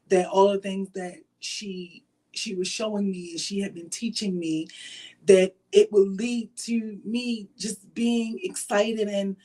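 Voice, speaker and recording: A woman's voice: mid-range voice, dark tone. A woman hosting her own show, talking earnestly and from the heart to the camera in a casual, faith-driven way, with frequent fillers. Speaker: show host. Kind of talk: personal talk to camera.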